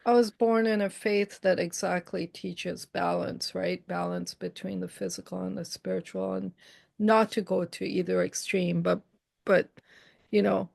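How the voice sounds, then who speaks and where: A woman from Canada speaks earnestly over a video call, unfolding a spiritual story at a steady pitch. Her voice carries a gravelly, fry-tinged edge, and the sound is dry and close with no room around it. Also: unhurried, dry recording. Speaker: interviewer. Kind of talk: casual online conversation.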